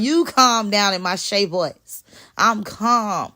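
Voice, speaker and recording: A woman speaks straight into her phone during a live stream, pressing her points and often repeating herself. She replies to viewers' comments as they come in. Her voice has a middling pitch. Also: takes it slowly, bright, forceful tone. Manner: emphatic, repeats phrases, responds to chat. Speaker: livestreamer talking to viewers. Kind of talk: casual live stream talk.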